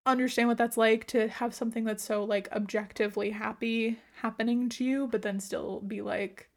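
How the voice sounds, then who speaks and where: A woman's voice: on the high side, fairly even intonation, moderate pace. A young woman co-hosting a podcast, chatting casually with lots of fillers and giggly asides. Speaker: podcast co-host. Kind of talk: casual chat.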